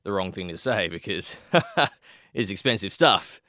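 A man's voice: low voice, animated, a little slow, pushed and bright, no echo, clean studio sound. Nasal-voiced man, jokey. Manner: jokey, banters, asks questions. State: nasal from a cold. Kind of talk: casual chat.

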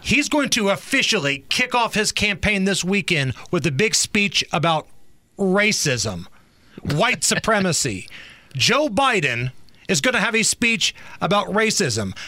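A man with a notably high, ringing voice delivers political commentary as a talk show co-host. His tone is sarcastic and mocking, and the sound is close and dry. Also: sing-song, measured pace, bright, forceful tone, no echo.

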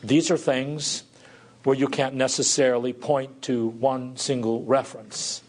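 A man's voice: medium pitch, level tone, unhurried. A man preaching a sermon as a pastor, reading scripture aloud and then explaining it in an earnest, reflective way.

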